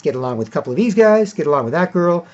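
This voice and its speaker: This vlogger's voice sits a little high and sing-song, and he speaks very fast. He tells a long, meandering, casual story, ending sentences with "right?" or "whatever", and mimics others in a raised, mocking tone, all on a dull lo-fi recording.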